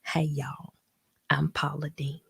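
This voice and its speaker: A sugary, drawling older lady hosting a cooking show on TV, as a woman comic puts her on. She speaks, folksy and unhurried, and her voice sits fairly low. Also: level tone, gravelly, a bit bright, slightly rough, no room sound, clean studio sound, full character voice. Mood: syrupy folksy. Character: sweet-talking older Southern woman TV cook. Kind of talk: comedic impression.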